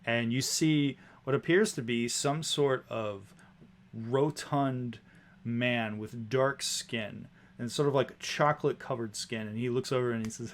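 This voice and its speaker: A man's voice: mid-range voice, measured pace. A man narrating a tabletop game as game master, describing scenes with casual fillers.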